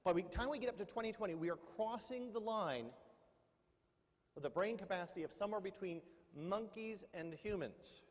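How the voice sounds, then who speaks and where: Middle-aged male keynote speaker, high-pitched, playful and teasing, with long hall reverb. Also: moderate pace. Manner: joking, quizzes the audience. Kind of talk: humorous keynote talk. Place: large lecture hall.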